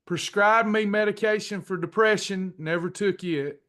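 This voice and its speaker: A middle-aged man telling a personal testimony to a class in a folksy, drawn-out way, acting out the dialogue. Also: high-pitched, fairly bright tone. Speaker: pastor and weight-loss class leader.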